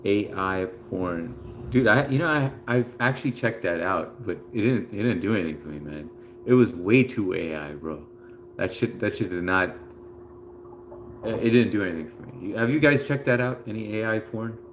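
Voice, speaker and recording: Low-voiced laid-back man live-streaming. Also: expressive, normal speed, a little hiss or hum. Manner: laid-back, chatty, hesitant with many fillers. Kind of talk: casual live stream chat, reading viewer comments.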